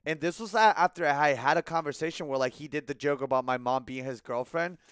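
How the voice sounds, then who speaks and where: A man chatting casually while he streams a video game, telling stories in an animated, profane way. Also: on the high side, brisk, clean tone, dry recording. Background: game music.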